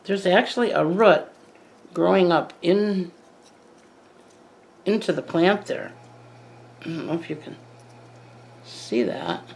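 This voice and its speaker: Older woman with a gravelly, low voice. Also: expressive, slow pace, long pauses, poor audio. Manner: chatty, rambling, self-correcting asides. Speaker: plant vlogger. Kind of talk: casual chat to camera.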